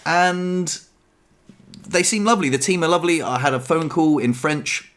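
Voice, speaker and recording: A man's voice: a little high, moderate pace, a bit bright. Chatty man giving a life update. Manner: chatty, upbeat, self-deprecating. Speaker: vlogger. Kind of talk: casual life-update vlog. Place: apartment.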